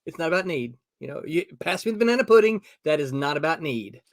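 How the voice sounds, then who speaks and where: On a casual live comics stream, a middle-aged host reads viewer comments out loud and laughs often, picked up by a desktop mic on a video call. His voice runs on the high side, quick, with big swings in pitch.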